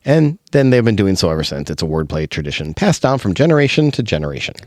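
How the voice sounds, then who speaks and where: A middle-aged man from Minnesota with a lowish voice that swings up and down a lot as he reads facts aloud on a podcast. He chuckles often, and the sound is dry and close. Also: sing-song, quick pace, darkish tone, no echo. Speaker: podcast co-host. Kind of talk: casual chat and reading notes.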